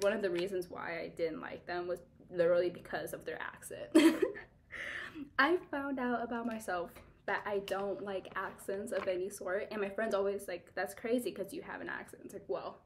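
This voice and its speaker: A woman's voice: mid-range voice, a little hiss or hum. A young woman from Kansas, a beauty vlogger who chats bluntly while doing her makeup and fills her talk with "like" and laughs. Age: young adult. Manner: blunt, chatty, filler-heavy, laughs often.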